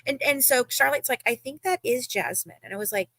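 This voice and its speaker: Woman on a livestream venting a story, bright sharp voice, dry close sound, swears a lot. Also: high-pitched, brisk, hardly any pauses, no room sound, rough recording. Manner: animated storytelling, acting out quoted exchanges, frequent swearing. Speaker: livestream host. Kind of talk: casual livestream chat.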